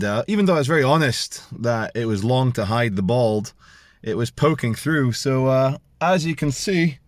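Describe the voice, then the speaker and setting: A man in his forties with a Canadian accent, telling a story to camera in a casual, animated way and acting out the people he quotes. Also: medium pitch, no echo. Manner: animated, acts out quoted voices, many restarts. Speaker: vlogger.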